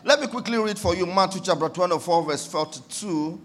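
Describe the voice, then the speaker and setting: A man preaching a sermon, swinging between quiet reflection and fervent shouts. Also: sits high, fairly quick, a little hiss or hum.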